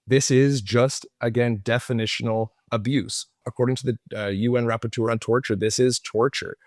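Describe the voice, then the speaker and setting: A man's voice: mid-range voice, fairly even intonation, normal speed, no room sound, studio quality. A man with a Canadian accent, a podcast guest explaining his views earnestly and often checking in with "right?". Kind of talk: casual interview talk.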